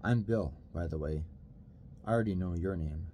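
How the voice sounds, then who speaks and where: A young man of about twenty with a soft, clear voice, calm and reassuring as he explains things, as a man reads him aloud in a storybook. The tone is low and mellow. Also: moderate pace, slight background noise, close to an everyday voice. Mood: friendly.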